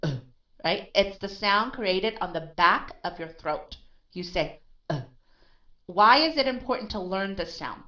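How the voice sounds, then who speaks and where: A woman's voice: medium pitch, bright, forceful tone. Patient woman coaching pronunciation, lo-fi. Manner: patient, drills sounds slowly and repeats them. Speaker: pronunciation tutor. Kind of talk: one-on-one accent coaching. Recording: dull lo-fi recording.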